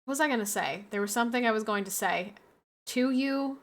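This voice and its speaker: A woman's voice: a little high, brisk. A young woman streamer chatting casually, blunt and crude, often laughing. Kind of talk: casual chat.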